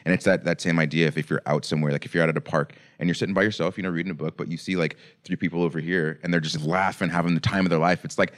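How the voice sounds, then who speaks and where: Speaking very fast with hardly any pauses, this man co-hosts a podcast in a low voice. He chats casually, telling stories and dramatizing the quotes in them.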